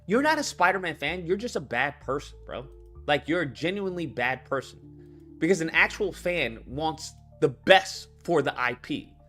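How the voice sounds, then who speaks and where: A man's voice: on the high side, very animated, moderate pace, pushed and bright, soft background music. A man hosting a livestream, ranting about video games with lots of swearing and repetition while reading out chat comments. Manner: profane, heated, rants and repeats itself. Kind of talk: unscripted gaming rant.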